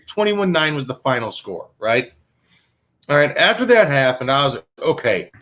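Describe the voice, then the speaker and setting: A man's voice: medium pitch, sing-song, moderate pace, a bit bright. A man hosting a sports talk show, ranting with profanity and many restarts. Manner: fired-up, profane, repetitive restarts. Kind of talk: heated sports radio rant.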